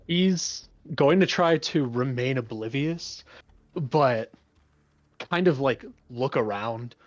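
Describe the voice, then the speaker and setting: A man's voice: medium pitch, animated, takes it slowly, dry recording, highs cut off. A man playing in a tabletop game who chats casually about his character's moves. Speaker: player.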